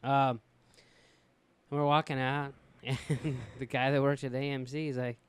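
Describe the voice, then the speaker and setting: A man's voice: mid-range voice, little pitch movement, measured pace, clean tone, dry recording. Dry-teasing man co-hosting a podcast. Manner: dry teasing, profane ribbing. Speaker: podcast co-host. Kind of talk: casual chat.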